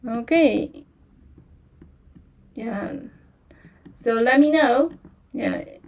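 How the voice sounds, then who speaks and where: A woman teaching beginner in a livestream, speaking slowly and patiently, repeating phrases and saying "yeah" often. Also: fairly high pitch, sing-song, vocal fry, dark tone, recorded from a distance. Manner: slow and patient, repeats phrases many times, fillers like "yeah". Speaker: Chinese language teacher. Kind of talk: livestream language lesson.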